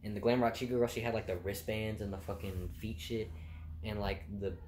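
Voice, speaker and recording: Young man telling work stories, low-voiced. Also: steady tone, a little fast, darkish tone, a little hiss or hum. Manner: rambling, laughs at own stories, swears casually. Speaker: food court worker. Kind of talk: casual storytelling.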